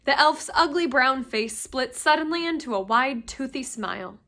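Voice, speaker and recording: A teacher reading a novel aloud to her class, with steady, expressive storytelling. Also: sits high, moderate pace.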